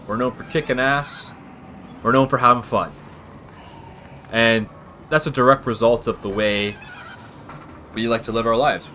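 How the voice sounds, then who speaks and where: A man's voice: medium pitch, fairly bright tone, slight background noise. A young man, chatting casually over strategy gameplay and drifting into long tangents. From Canada. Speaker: gaming channel host.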